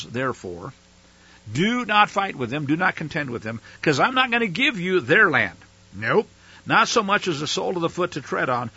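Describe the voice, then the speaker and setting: A man's voice: on the high side, pushed and bright, breathy edge, muffled recording. A man teaching from the Bible, reading scripture aloud with dramatic emphasis and breaking in with casual, plain-spoken asides.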